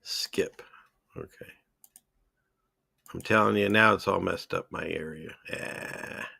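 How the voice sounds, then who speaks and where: A man's voice: sits low, normal speed, creaky, sharp tone, breathy edge, no room sound. A man hosting a casual commentary show, talking in a sarcastic, scoffing, rambling way. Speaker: podcast host.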